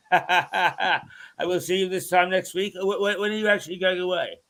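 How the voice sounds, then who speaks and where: Man hosting a radio show; halting, chuckling, chatty delivery. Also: high voice, fairly even intonation, pushed and bright. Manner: halting, many restarts and chuckles. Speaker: radio presenter. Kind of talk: casual on-air chat.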